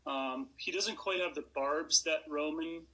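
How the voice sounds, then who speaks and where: Relaxed man, bright, slightly high. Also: measured pace, rough recording. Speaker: actor on a panel. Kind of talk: casual panel talk.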